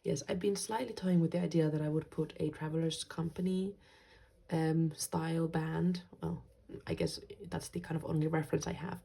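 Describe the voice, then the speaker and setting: Woman, from Finland, journaling vlog host: soft, gentle delivery with whispered asides, low pitch, gravelly texture. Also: a little hiss or hum. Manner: soft-spoken, gentle, slips into quiet whispers. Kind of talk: casual vlog talk.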